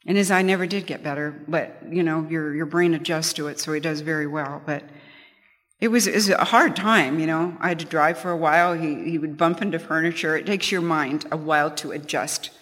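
A woman's voice: low voice, brisk, fairly bright tone, long reverb tail. A middle-aged woman giving a conversational Bible teaching, telling personal stories with chatty restarts. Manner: chatty storytelling, frequent restarts, light laughs.

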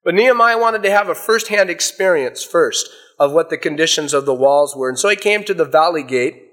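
A man's voice: a little high, lively intonation, fairly quick, a bit bright. A middle-aged man preaching a sermon, reading scripture aloud and explaining it with folksy asides. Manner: reads scripture aloud, then explains it with illustrations.

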